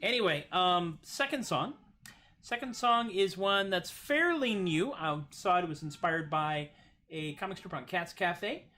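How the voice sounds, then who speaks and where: A man's voice: sits high, animated, measured pace, pushed and bright. A man hosting a livestream music show, chatting casually and goofily between his songs in a rambling, self-deprecating way at home. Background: acoustic guitar playing.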